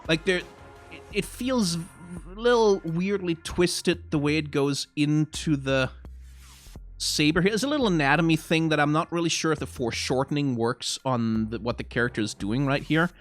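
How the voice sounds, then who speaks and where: A man's voice: fairly high pitch, expressive, normal speed, soft background music. A man giving casual live-stream commentary on game card art, rambling with many restarts, frank and self-deprecating.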